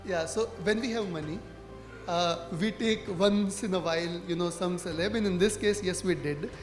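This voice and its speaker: A man's voice: high voice, normal speed. A man with an Indian English accent speaking as a marketing panelist at a conference, talking in a conversational way with frequent tag questions. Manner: conversational, frequent fillers like "right?" and "you know". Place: conference hall. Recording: echoey hall with music.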